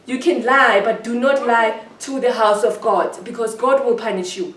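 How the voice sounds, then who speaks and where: A woman's voice: a little high, fairly even intonation, normal speed, roomy sound, distant mic, noisy background. A woman giving an emotional personal account in an interview, hurt and indignant, often repeating herself.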